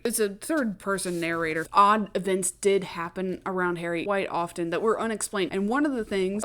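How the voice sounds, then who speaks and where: Chatty profane woman recapping a book. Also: mid-range voice. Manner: chatty, profane, laughing, jumps into voices.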